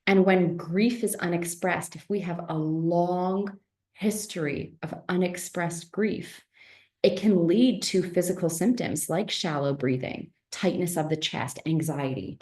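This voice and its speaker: A woman with a fairly low voice gives a relaxed health lesson and keeps checking in with her listeners. Her talk is chatty and full of questions. The sound carries a noticeable room echo. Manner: conversational, asks rhetorical questions, frequent "right?". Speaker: naturopathic teacher. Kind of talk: online health lecture. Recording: roomy echo.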